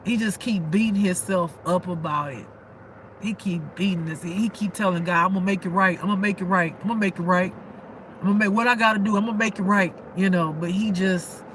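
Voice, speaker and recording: A woman's voice: medium pitch, a bit bright, a little hiss or hum. A woman giving a casual intuitive spiritual reading, emotional and repetitive, with frequent cursing.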